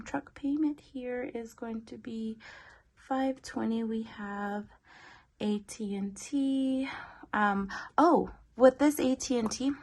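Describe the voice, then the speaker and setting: A young woman, pregnant and a bit short of breath, talks casually through her household budget. Her voice has a gravelly, fry-laden edge at a middling pitch. She fills pauses with frequent ums. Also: fairly bright tone. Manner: chatty, many um fillers. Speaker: budgeting vlogger. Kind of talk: casual walkthrough of a monthly budget.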